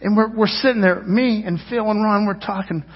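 Man, 50s, pastor: rambling storytelling sermon, loud and quiet in turns, husky voice, long church reverb. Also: fairly even intonation, normal speed. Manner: rambling, storytelling with restarts and asides; swings between loud emphasis and low, quiet lines. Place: church sanctuary. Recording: dull sound with long reverb, as in a church hall.

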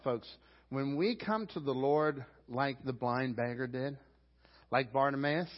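Preaching man with a Pittsburgh accent in a reverberant hall. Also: a little high. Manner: animated preaching, acts out shouted quotes. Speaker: pastor. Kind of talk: sermon. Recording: dull sound with long hall reverb.

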